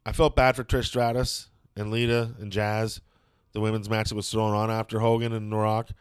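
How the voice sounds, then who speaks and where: A man's voice: on the low side, flat delivery, moderate pace, clean tone, dry recording, studio quality. A man chatting casually and opinionatedly as a show host, rambling with lots of fillers and some swearing.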